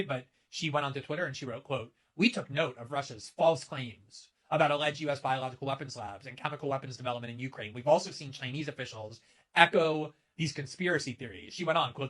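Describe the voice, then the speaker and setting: A man's voice: mid-range voice, a bit bright. A man delivering an emphatic, sharply critical political commentary to camera. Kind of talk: scripted commentary video.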